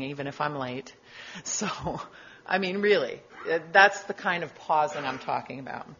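A middle-aged woman giving a sermon as a guest speaker, gentle and reflective, with casual asides. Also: sits low, lo-fi sound, slight background noise.

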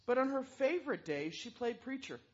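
A woman telling a story aloud in an animated way, throwing in sound effects. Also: high-pitched, brisk, highs cut off. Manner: lively, with vocal sound effects.

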